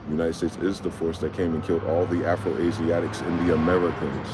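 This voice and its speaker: A man's voice: low-pitched, level tone, a little fast, heavy background noise. A man vlogging in a heated monologue, reading a document aloud and breaking off into angry, profane rhetorical questions.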